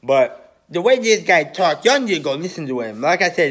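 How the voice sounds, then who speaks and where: A man vlogging a profane sports-fan rant, heated and sarcastic with frequent swearing. His voice sits a bit higher than most men's. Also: animated, moderate pace, a bit bright.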